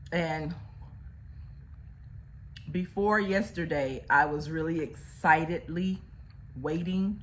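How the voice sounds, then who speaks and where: A woman talks to her camera in a relaxed, unhurried way, her voice sitting low. She speaks chattily, with folksy asides and fillers. A faint hum of room noise sits behind her. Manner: chatty, uses "y'all" and fillers. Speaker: vlogger. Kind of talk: casual chat to camera.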